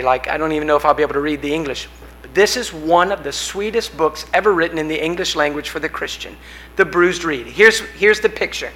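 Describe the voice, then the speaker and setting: A male preacher with a high, bright voice delivers a sermon. He tells it like a story, building and rising in force on the big images, then dropping back down. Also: low-quality recording. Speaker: pastor.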